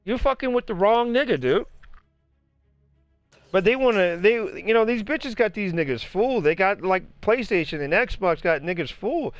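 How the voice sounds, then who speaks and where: A man telling profane, animated stories in casual chat while playing a video game. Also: high-pitched, no room sound. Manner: profane, animated storytelling, acts out other people's voices. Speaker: gamer chatting while playing. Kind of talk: casual chat over gameplay.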